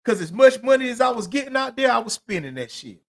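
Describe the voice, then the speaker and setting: A man's voice: very high voice, sing-song, fast talker. A man hosting his own podcast alone, telling rambling, profane street stories in loose, casual slang. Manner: rambling, repeats "you know what I'm saying". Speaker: podcast host. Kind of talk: solo podcast monologue.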